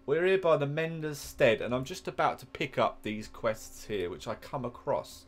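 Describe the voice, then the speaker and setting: A man's voice: mid-range voice, animated, normal speed. A man with an English accent giving casual, rambling commentary while playing a game, drifting into chatty asides. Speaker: gaming YouTuber.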